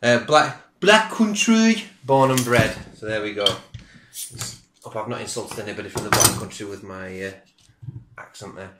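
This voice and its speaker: A middle-aged man gives a casual beer review, his fairly low voice moving at a moderate pace with fairly even intonation and frequent pauses. The recording, made at home on a camera mic, is very noisy with roomy echo, and he's chatty, rambling, and self-deprecating.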